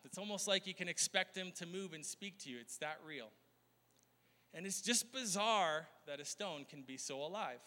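A man's voice: high voice, animated, normal speed, bright, forceful tone. A male pastor preaching a conversational sermon, often laughing and asking the crowd questions. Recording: long hall reverb.

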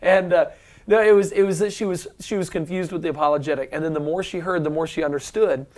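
Brief: male interview host, enthusiastic, slightly high, halting. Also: fairly even intonation, a little mellow. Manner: enthusiastic, hesitant with fillers. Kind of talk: casual interview.

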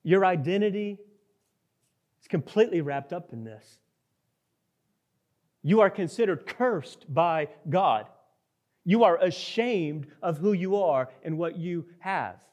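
A man's voice: high voice, expressive, slow pace, long pauses, darkish tone. A man preaching a sermon, earnest and emphatic, reading scripture and then acting out a desperate plea. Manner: earnest, emphatic, acts out the leper's pleading. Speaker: pastor.

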